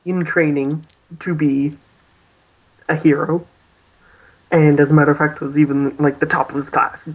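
A man's voice: fairly high pitch, low-quality recording. A man co-hosting a casual podcast, hesitantly recapping a story and laughing often. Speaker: podcast co-host.

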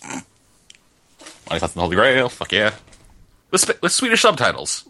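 Lively excitable man hosting commentary. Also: mid-range voice, moderate pace. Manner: excitable, laughing, crude. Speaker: podcast host. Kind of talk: movie commentary chat.

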